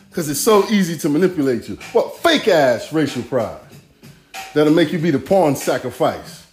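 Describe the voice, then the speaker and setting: Profane, streetwise male podcast host in his forties, a bit high-voiced, riffing alone in a roomy space. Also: very animated, moderate pace, darkish tone, faint music behind. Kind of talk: casual solo monologue.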